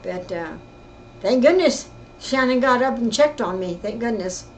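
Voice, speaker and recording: An older woman telling her own story in casual, rambling speech, often halting and repeating herself. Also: on the high side, animated, a little mellow, a little hiss or hum, low-quality recording. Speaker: interviewee recounting her life. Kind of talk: casual spoken reminiscence.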